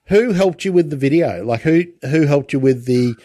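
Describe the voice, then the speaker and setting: A man's voice: fairly high pitch, expressive, moderate pace, dark tone, dry recording. A man hosting an interview in a chatty way, often restarting his sentences. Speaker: podcast host. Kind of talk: casual interview chat.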